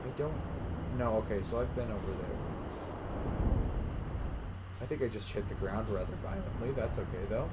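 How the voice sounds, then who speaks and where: A man's voice: on the low side, normal speed, long pauses, heavy background noise. A man giving casual commentary while playing a game, muttering wryly to himself. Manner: muttering, wry, talking to himself. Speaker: gamer.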